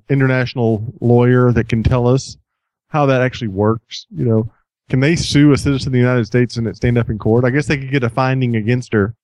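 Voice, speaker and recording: A man's voice: mid-range voice, a little mellow, dry recording. Jokey man reading out odd news. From Houston area. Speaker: podcast co-host. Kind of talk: casual comedic chat.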